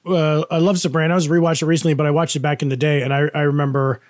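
A man's voice: a little high, little pitch movement, fast talker, no echo, studio quality. A man co-hosting a casual podcast, telling anecdotes in a chatty way and laughing often. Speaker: podcast co-host. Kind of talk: casual chat.

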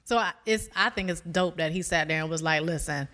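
A woman's voice: on the low side, brisk, bright, forceful tone. Easygoing woman co-host, casual chat. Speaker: podcast co-host.

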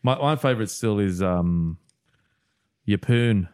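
A man's voice: on the low side, slow, darkish tone, smooth, no room sound, studio quality. An Australian man co-hosting a podcast, joking and laughing through casual chat with friends. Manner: joking, playful, laughs often. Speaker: podcast co-host.

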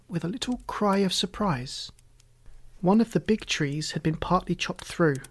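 Measured storybook narrator, middle pitch. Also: husky. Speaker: audiobook narrator.

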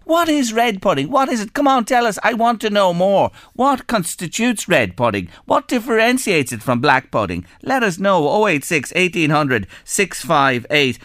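An Irish man hosts a radio phone-in from a dry, close-miked studio. His voice sits a touch high and swings up and down as he chats. He sounds curious and eager. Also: moderate pace, few pauses, dry recording. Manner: animated, chatty, curious. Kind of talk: lively radio chat, reading listener texts.

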